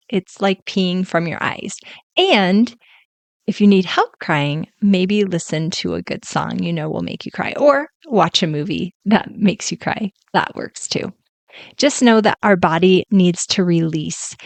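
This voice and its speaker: A woman's voice: fairly low pitch, dry recording. A woman in her forties hosting a solo podcast as a life coach, talking in a chatty, conversational way. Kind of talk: casual solo podcast talk.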